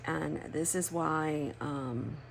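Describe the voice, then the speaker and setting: A woman's voice: low-pitched, steady tone, very slow, vocal fry, very noisy. A woman, chatting candidly while crafting, rambling and swearing freely. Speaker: planner crafting vlogger. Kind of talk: casual chat while crafting.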